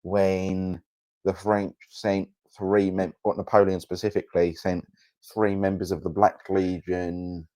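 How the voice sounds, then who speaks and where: A man's voice: low-pitched, level tone, a little slow, warm tone, dry recording. A man co-hosting a comedy podcast, telling historical anecdotes in a matter-of-fact way. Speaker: podcast co-host. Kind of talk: casual comedic chat.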